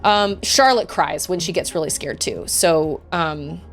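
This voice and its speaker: A woman's voice: lowish voice, measured pace, soft background music. A woman in her thirties chatting casually while streaming a game, telling family stories and acting out quoted voices. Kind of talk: casual gameplay chat.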